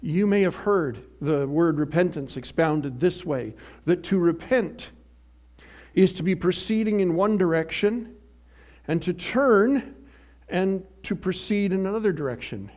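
A man preaching a sermon in an animated, emphatic way, swinging from loud to hushed. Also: high voice, measured pace.

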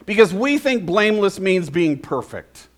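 A man's voice: sits high, big pitch swings, moderate pace. A man preaching a conversational sermon, often asking the congregation questions. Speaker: pastor.

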